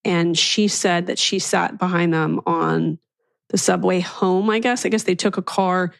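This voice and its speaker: Creaky-voiced woman podcast host. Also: lowish voice, a little slow, no echo. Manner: chatty, animated storytelling. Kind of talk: casual chat.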